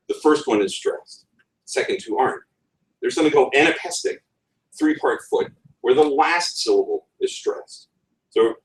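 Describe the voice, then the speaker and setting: A man gives a talk on writing at a conference, his pitch rising and falling a lot as he slips in wry asides. He sounds roomy and set back from the mic, like a speaker heard across a meeting room. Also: very animated, moderate pace, distant mic. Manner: wry asides, talks with a chuckle. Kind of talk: presentation on writing.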